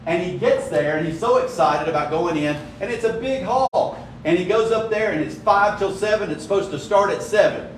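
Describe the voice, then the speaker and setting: A man's voice: sits high, moderate pace, hardly any pauses, slight background noise. A man leading a conversational Bible study, telling stories and often checking in with his listeners. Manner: storytelling, frequent "right?" check-ins. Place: church room. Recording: echoey room from far off.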